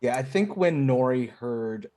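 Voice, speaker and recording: A man in a tabletop session speaks slowly and at an unhurried pace. He thinks aloud while laying out his character's actions. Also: medium pitch, lively intonation, mellow. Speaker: player.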